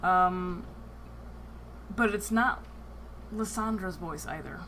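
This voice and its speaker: A woman running a tabletop role-playing game as game master, describing scenes with frequent filler pauses. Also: on the low side, bright, forceful tone, a little hiss or hum.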